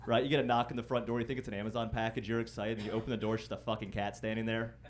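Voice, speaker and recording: A young man performing a stand-up set in a comedy club, wry and self-deprecating, breaking into loud mock-singing and shouted impressions. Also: on the low side, little pitch movement, rapid-fire, a little hiss or hum. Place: comedy club stage before a live audience.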